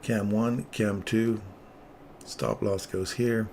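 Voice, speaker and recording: Middle-aged male trading host, fairly low voice, casual and digressive, light background hiss. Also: fairly even intonation, takes it slowly, creaky, darkish tone. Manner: casual, rambling, easily sidetracked. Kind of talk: live trading commentary.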